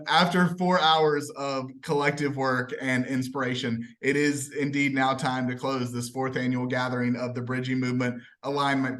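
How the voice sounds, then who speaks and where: A man's voice: medium pitch, a bit bright. A man acting as moderator, speaking in a mid-range voice. He thanks his guest and closes the gathering in an appreciative, formal manner. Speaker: event host and moderator. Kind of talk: hosting and closing remarks.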